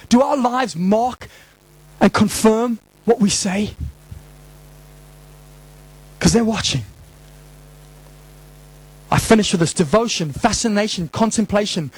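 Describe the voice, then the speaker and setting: Male pastor, high voice, fiery emphatic sermon delivery. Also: darkish tone, rough recording. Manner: impassioned, emphatic preaching with rhetorical questions. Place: church hall before a congregation.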